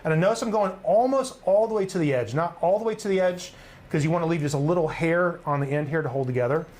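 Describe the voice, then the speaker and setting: A middle-aged man hosts a live cook-along, chatting upbeat through his recipe and often tossing in "right?". His voice is a little high and a little mellow, and he talks fast during the cooking demonstration.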